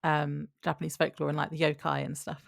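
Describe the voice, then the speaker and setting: A woman co-hosting a podcast, casually retelling a TV episode in a relaxed, chatty way. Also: low voice, a little fast, vocal fry, no echo, studio quality. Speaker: podcast co-host. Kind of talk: casual chat recapping a TV episode.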